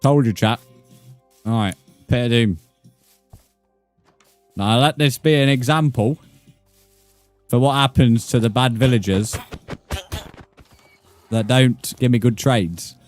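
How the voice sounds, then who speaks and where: A man with a British accent, giving profane, excitable live commentary while streaming a game. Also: mid-range voice, slow pace, long pauses, faint music behind. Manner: profane, excitable, mock-outraged. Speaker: gaming streamer.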